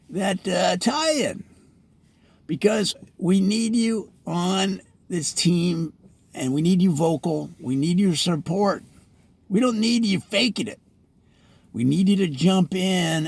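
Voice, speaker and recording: A man delivering a comedic parody rant in a preachy, mock-exasperated way, now and then bursting into shouts. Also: sits high. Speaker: comedic presenter.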